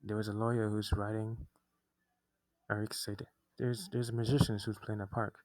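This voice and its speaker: A man's voice: lowish voice, level tone, normal speed, darkish tone, dry recording, poor audio. A young man telling a personal story, often restarting his sentences, agitated as he recounts what happened. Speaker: vlogger.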